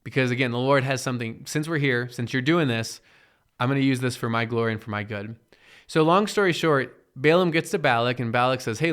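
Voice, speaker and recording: A man gives a relaxed Bible teaching. He retells the passage conversationally, acts out the quoted characters, and often checks in with "right?". His voice is smooth, resonant and mid-pitched.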